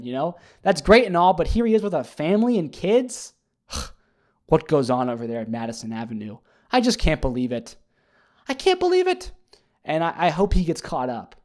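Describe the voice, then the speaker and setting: A man talking casually on his own, retelling a TV episode in a rambling, animated way with many fillers and restarts. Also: a little high. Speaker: podcast host. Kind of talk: casual solo recap chat.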